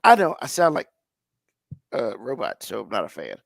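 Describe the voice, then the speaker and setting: A male podcast host in casual chat, his voice hoarse and raspy, teasing his co-host playfully. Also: fairly low pitch, moderate pace, dry recording, clean studio sound. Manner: playful, teasing banter with lively swings. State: hoarse, raspy voice after illness.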